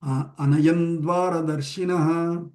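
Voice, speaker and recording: A man teaching a weekly online class over a video call, explaining a chanted text slowly and word by word, with many pauses and fillers. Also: a little high, steady tone, a little mellow. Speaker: teacher of scripture.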